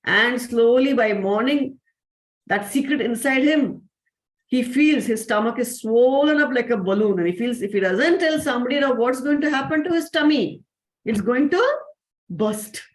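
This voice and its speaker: Indian woman storyteller, animated and slightly high-pitched, roomy sound. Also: normal speed. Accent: Indian English. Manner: animated, acts out voices of the characters. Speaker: storyteller and spiritual teacher. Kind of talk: storytelling to children in an online session.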